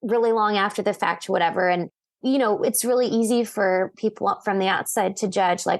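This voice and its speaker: A woman hosts a podcast interview, chatty and casual, with lots of fillers as she affirms her guest and frames questions. Her voice is mid-pitched for a woman. The sound is dry and close. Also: moderate pace, dry recording. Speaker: podcast host. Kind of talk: interview conversation.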